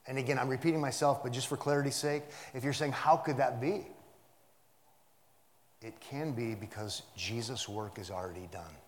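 Emphatic preacher in a reverberant hall. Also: male voice, mid-range voice. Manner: builds from hushed to loud emphatic preaching; repeats phrases for emphasis, rhetorical questions. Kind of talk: expository sermon.

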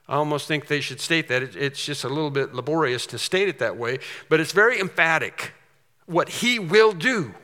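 A man preaching an expository sermon, emphatic, slowing down and repeating phrases for stress. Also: on the high side, lively intonation, pushed and bright. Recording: long hall reverb.

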